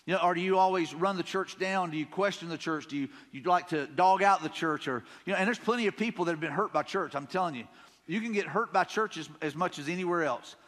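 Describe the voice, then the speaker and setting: A man with a Southern drawl preaches in a casual, folksy way, often circling back over the same words. His voice sits high for a man. The sermon is heard in a church sanctuary with a long, ringing reverb. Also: fast talker, a bit bright. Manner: conversational, folksy, repeats himself, paraphrases scripture casually. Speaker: pastor.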